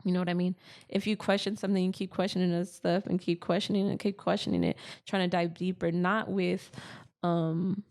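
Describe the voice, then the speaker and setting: A woman's voice: lowish voice, little pitch movement, a little fast, darkish tone. A woman co-hosting a casual spiritual podcast chat, earnest and rambling with lots of fillers. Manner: earnest, rambling, many fillers like "you know what I mean". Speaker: podcast co-host.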